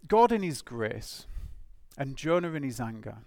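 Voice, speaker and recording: A man preaching a sermon, animated and emphatic, with rhetorical questions and restarts. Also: mid-range voice, a little slow, gravelly, no room sound.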